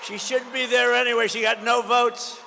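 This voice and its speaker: A man in his seventies gives a combative rally speech, piling up repeated phrases and jabs. His voice sits high and sounds sharp and forceful. It rings out with a long reverb through a big hall, with a faint hiss underneath. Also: flat delivery, normal speed, vocal fry. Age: 70s. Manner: combative, repetitive, riffing off the crowd. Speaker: political candidate. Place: large indoor expo hall.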